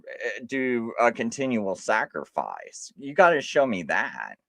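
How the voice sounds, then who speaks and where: Animated man arguing on a live stream. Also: on the low side, creaky, dry recording. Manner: animated, insistent, halting restarts. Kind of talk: casual live-stream argument.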